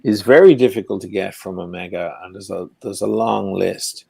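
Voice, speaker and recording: An Irish man chatting as a guest on a video call from his home, telling stories in an animated, profane ranting way. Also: low-pitched, moderate pace, creaky, husky, no room sound. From Ireland. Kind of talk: casual chat. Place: home in Venice.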